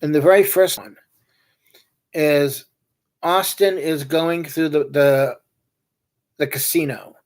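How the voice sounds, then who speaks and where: A man hosting a livestream, chatting casually and telling meandering, joking anecdotes. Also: a little high. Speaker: livestream host. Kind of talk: casual rambling chat.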